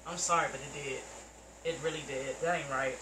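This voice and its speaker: A woman reacting to a TV episode, loud, profane and heated as she comments. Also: extremely low pitch, steady tone, a little fast, reverberant, background noise. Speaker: reaction video host.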